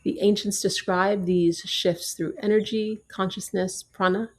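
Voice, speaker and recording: A woman teaching yoga and breathwork, guiding a breathing meditation in a slow, soft, calm voice with long pauses. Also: mid-range voice.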